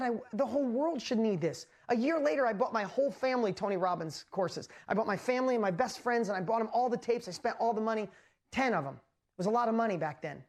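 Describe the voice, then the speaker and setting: A man hosting a live motivational talk, telling his story with animated energy and lots of exclamations, and often asking the audience questions directly. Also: high voice. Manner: speaks straight to the audience with rhetorical questions. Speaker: host and motivational speaker.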